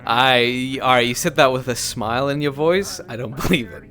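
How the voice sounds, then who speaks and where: A man's voice: medium pitch, normal speed, sharp tone, soft background music. A man in a voice-chat roleplay, wary and sarcastic, who swears and breaks into laughter.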